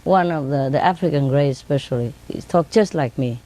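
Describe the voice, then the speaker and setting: A woman telling casual stories in simple, broken English, laughing often and mimicking her birds in high sing-song tones. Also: fairly quick, warm tone. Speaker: speaker telling stories about her pets. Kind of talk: casual storytelling.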